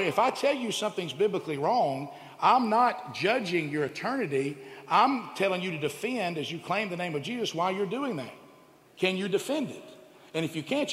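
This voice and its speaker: A man preaching an impassioned sermon, emphatic and full of rhetorical questions that build to loud exclamations. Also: high-pitched. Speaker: preacher and radio show host. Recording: echoey hall with long reverb.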